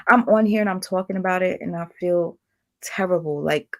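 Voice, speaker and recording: Host, woman, gravelly voice, presses questions, restarts often. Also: fairly low pitch. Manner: probing, halting, repeats her questions. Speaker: panel host. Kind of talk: live online panel discussion.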